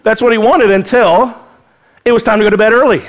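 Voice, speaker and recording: A male pastor giving an earnest, conversational sermon in a church, mixing scripture with lively asides. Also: high voice, fairly quick.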